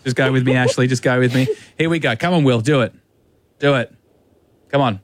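A man's voice: medium pitch, a little fast, no room sound. A man hosting a radio show, teasing callers in playful banter. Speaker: radio host.

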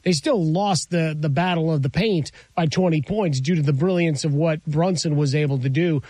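A man co-hosting a sports talk show, breaking down the game and quick to dispute points. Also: on the high side, mellow, no echo. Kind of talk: sports analysis chat.

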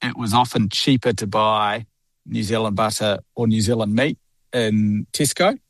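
A man speaking as a guest on a radio show, relaxed and conversational. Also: lowish voice, normal speed, no room sound, studio quality. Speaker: studio guest. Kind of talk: radio interview.

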